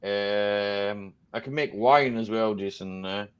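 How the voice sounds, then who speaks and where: A man's voice: lowish voice, slow pace, clear, resonant tone, muffled recording. A Scottish man hosting a casual live-stream chat, joking and laughing often. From Scotland. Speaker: host.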